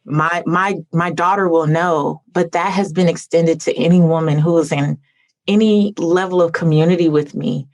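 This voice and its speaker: A woman's voice: on the low side, fairly even intonation, moderate pace, darkish tone. A woman hosting a podcast interview over a video call, talking in an effusive, heartfelt way with lots of "like.". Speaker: podcast host. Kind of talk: conversational interview.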